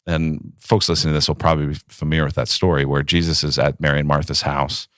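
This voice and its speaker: A man in his thirties, a pastor, talking in a relaxed podcast conversation and telling stories with acted-out quotes. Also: a bass voice, fast, no echo, studio quality. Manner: reflective, storytelling with acted quotes.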